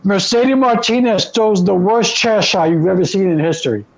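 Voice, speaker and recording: A man co-hosting a wrestling podcast, recapping shows in animated, profane storytelling. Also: high-pitched, moderate pace, low-quality recording. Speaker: podcast co-host. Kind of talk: casual wrestling chat.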